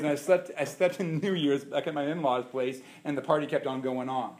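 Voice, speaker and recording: A middle-aged man preaching a sermon as pastor, telling stories with big swings between loud and hushed. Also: on the high side, steady tone, brisk, few pauses, a little hiss or hum. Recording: echoey room.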